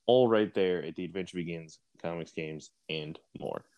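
A man's voice: low-pitched, moderate pace, phone-quality sound. A man, co-hosting a radio show and reading a sponsor ad in a laid-back way. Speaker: radio co-host. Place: radio studio.

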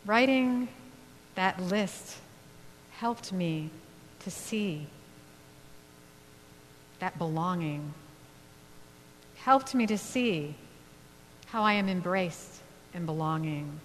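Woman minister, sermon, slow and unhurried, long church reverb. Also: fairly low pitch, lively intonation. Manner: slow, reflective, with gentle pauses. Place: church sanctuary. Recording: long hall reverb, faint hum.

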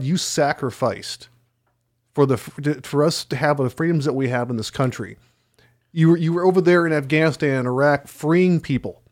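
A man co-hosting a podcast, talking in a wry, conversational way with an indignant edge. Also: a little high. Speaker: podcast co-host. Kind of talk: casual podcast talk.

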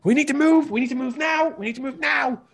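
A man voicing a bossy female ship captain who shouts urgent orders at her crew. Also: fairly high pitch, wildly swooping pitch, slow pace, vocal fry, breathy edge, pitched above the performer's own voice, full character voice. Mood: commanding.

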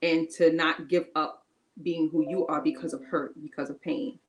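A woman's voice: deep voice, fairly even intonation, normal speed, low-quality recording. Woman preaching on a podcast, emphatic and repetitive. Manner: preachy and emphatic, repeating phrases; informal, casual grammar. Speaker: podcast co-host. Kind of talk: encouraging faith-based podcast talk.

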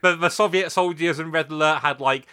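Podcast cohost guy, easygoing and laughy, a bit high, bright tone. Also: fairly quick, clean tone. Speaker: podcast co-host. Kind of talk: casual podcast chat.

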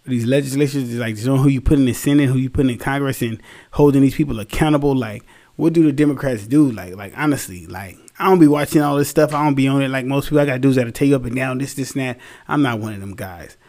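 A man's voice: mid-range voice, darkish tone. A young man, tired, talking bluntly and casually in a rambling, slangy opinion monologue, swearing freely. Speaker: solo commentary host.

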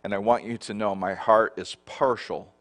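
This middle-aged man preaches as a pastor at a normal speed with fairly even intonation. He moves from gentle, low passages to loud, emphatic pronouncements and repeatedly questions his congregation.

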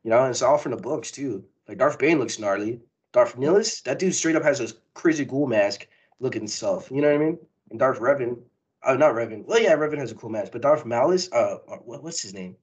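Excitable rambling man, husky voice. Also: mid-range voice, fairly quick, rough recording. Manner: excitable, rambling, laughs often. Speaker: podcast co-host. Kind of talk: casual chat.

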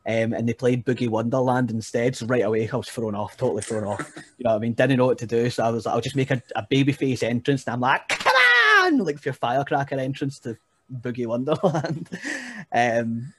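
A man's voice: mid-range voice, fairly quick, a little mellow, slight background noise. A young Scottish man, a guest wrestler, telling stories in a rambling, laughing way and often saying "you know what I mean". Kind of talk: casual podcast chat.

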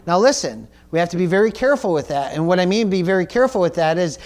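A man's voice: high voice, lively intonation, fast talker, darkish tone. A male pastor preaching a sermon, earnest and emphatic, often repeating words and asking the congregation "Amen?". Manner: calls for audience responses like "Amen?".

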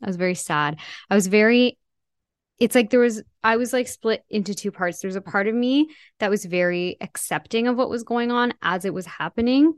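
A woman telling a personal story as an interview guest, reflective and halting, often restarting her sentences. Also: mid-range voice, dry recording, clean studio sound.

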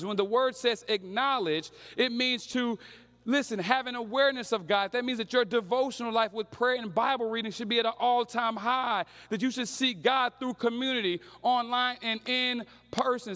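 Young male preacher, high voice, slangy storytelling sermon. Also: a bit bright, big-room sound.

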